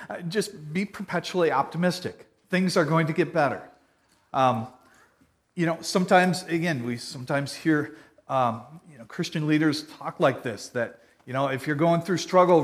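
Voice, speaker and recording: A man delivers a sermon in an earnest, conversational tone. His voice sits a little high for a man. He swings between loud, emphatic lines and quiet, soft passages. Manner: earnest, conversational preaching with wide swings in loudness. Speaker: pastor.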